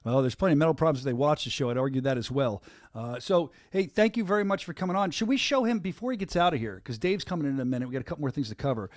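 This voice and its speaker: A man's voice: on the high side, lively intonation, rapid-fire, no echo, studio quality. A middle-aged man hosting a casual podcast, joking and laughing often. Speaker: podcast host.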